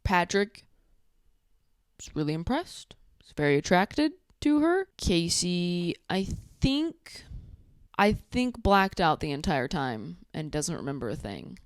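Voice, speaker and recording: A young woman with a lively, bouncing voice, recapping a dating show with sarcastic, animated commentary. She often slips into quick impressions of the people on the show. The sound is close and dry, with no room in it. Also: lowish voice, smooth, no echo. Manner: sarcastic, animated, acts out quotes.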